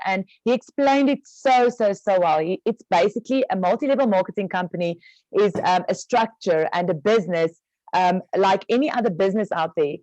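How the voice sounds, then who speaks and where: A woman's voice: medium pitch, a little mellow, no echo, dull audio. A woman explaining business terms step by step on an online training call, casual with many fillers. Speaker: network marketing trainer.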